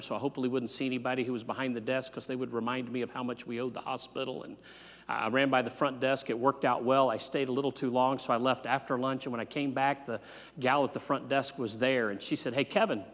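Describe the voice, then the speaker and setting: A middle-aged male pastor tells a personal story from the pulpit, his voice sitting at an ordinary pitch. He jumps from loud, animated bursts to quiet, low asides. A long reverb from the church hall trails after his words. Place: church sanctuary.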